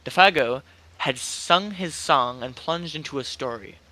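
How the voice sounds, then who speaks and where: A man's voice: mid-range voice, expressive, a little slow, sharp tone, low-quality recording. A young man casually reading a horror story aloud as an amateur reader, hesitant and stumbling now and then. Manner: hesitant, stumbles and restarts, lots of "like".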